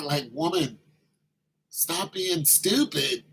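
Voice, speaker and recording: A man telling a story in a casual monologue, animated and slangy, acting out the quoted voices. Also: mid-range voice, measured pace, slight background noise, poor audio.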